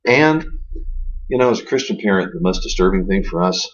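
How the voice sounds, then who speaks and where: A man's voice: low-pitched, fairly quick, breathy edge. A man co-hosting a parenting talk, telling stories with wry humor. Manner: expressive storyteller, wry humor. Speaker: co-host, Christian homeschooling parent. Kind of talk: conversational podcast talk. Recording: dull lo-fi sound.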